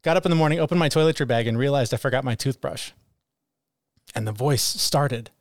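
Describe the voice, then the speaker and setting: A man's voice: a little high, a little fast, dry recording. Frank, profane man, dry sound. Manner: frank and profane, acts out his inner critic. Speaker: podcast co-host. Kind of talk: candid conversational chat.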